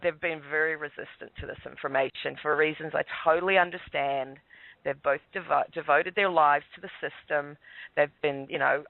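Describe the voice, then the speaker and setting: A man's voice: fairly high pitch, creaky, no echo. A man calling in and telling a rambling, self-mocking story, chuckling along the way. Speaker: guest caller. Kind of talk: casual storytelling. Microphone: phone. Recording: tinny dry phone line.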